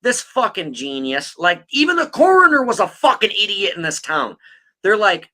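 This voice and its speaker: A man hosts a casual podcast, swearing freely and mocking as he rambles through a story. His voice sits a bit high and swings widely in pitch, with a bright, forceful edge. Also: sing-song, moderate pace. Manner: profane, blunt and mocking; rambling with many fillers. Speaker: podcast host. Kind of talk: casual true-crime chat.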